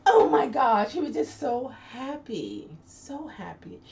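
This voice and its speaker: A woman with a voice on the high side, sing-song, slow and creaky, hosts a casual live chat. She reads viewer comments chattily, laughing often and restarting trailing sentences. Her distant lo-fi mic carries faint noise.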